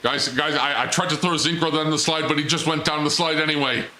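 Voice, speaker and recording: A man's voice: fairly high pitch, steady tone, fairly quick, sharp tone. A male streamer giving live gameplay commentary, teasing and taunting in a playful, theatrical mock-villain way.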